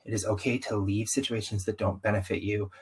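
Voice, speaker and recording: Young guy w a little southern twang, kinda husky low voice, chatty and animated, acts out what people said. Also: brisk, low-quality recording. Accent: slight Southern US. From US, Southern-ish family. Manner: animated, frequent "like" asides, acts out quotes. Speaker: podcast guest. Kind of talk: candid conversational storytelling.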